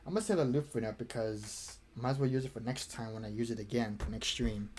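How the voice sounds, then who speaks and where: A man's voice: mid-range voice, fast talker, a little mellow, a little hiss or hum. A man hosting a music livestream, chatting casually between songs in a rambling, laid-back way and chuckling often.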